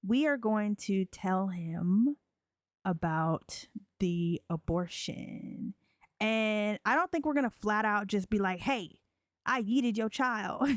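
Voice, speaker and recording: Slow, giggly woman narrating a sim game. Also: mid-range voice, lively intonation, no room sound, clean studio sound. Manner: chatty, giggly, slow drawl. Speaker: let's play creator. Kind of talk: casual game commentary.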